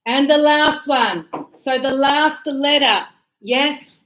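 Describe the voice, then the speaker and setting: Slow, higher-voiced woman teaching a class. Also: low-quality recording. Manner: animated, acts out examples, checks understanding often. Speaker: English teacher. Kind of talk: classroom pronunciation lesson.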